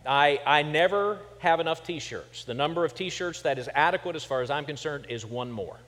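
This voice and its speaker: A man's voice: on the high side, moderate pace, a bit bright, in a large hall. A middle-aged male pastor from Kansas preaching a sermon, telling stories with humor and then pressing his points with emphasis. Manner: conversational storytelling with humor, building to emphatic points. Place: church sanctuary.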